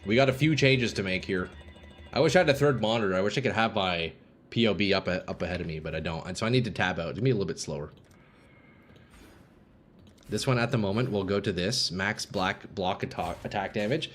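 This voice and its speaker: A man's voice: lowish voice, a little fast, faint music behind. Chatty male game streamer on a desk mic. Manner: casual and chatty, reads chat aloud, bursts of hype. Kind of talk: live-stream commentary while playing. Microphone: desk streaming microphone.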